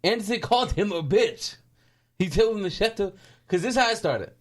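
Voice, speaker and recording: Animated man on a podcast. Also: high-pitched, a little fast. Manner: animated storyteller, laughs often. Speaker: podcast co-host. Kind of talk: casual chat.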